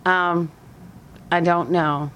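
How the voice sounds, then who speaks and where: A middle-aged woman speaking in a slightly low voice, her accent blending Western New York with an Alabama southern drawl. She talks casually and bluntly and laughs easily as she answers questions. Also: steady tone, very slow, a bit bright, a little hiss or hum. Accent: mixed Western New York and Alabama southern. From Buffalo, New York area. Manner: chatty, laughs often, plain-spoken. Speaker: interviewee. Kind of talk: casual conversation.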